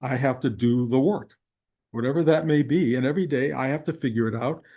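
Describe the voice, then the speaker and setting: An older man leads his class in a reflective spiritual talk, speaking earnestly in a plain, middle-pitched voice. He talks conversationally over a video call. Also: fairly quick, warm tone. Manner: earnest, conversational, slips into acted inner voices. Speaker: spiritual teacher.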